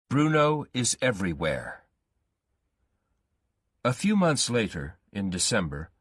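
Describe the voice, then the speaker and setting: Slow, low-voiced male storyteller. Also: fairly bright tone, breathy edge, no echo, clean studio sound. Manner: slow, careful reading. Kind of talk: graded-reader story narration.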